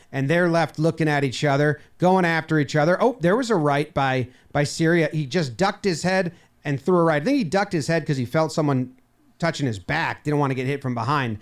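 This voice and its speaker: A man giving a playful, comedic breakdown of game footage, acting out the players' lines with mock dialogue. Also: a little high. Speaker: baseball video commentator. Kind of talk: comedic sports breakdown over clips.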